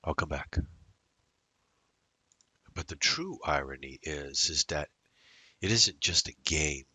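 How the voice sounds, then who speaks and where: A man's voice: very deep voice, animated, slow pace, bright, forceful tone, slightly rough, no echo. A man day trader giving rambling live commentary on his trades, talking to himself and drifting into musings. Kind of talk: live trading commentary over a screen recording.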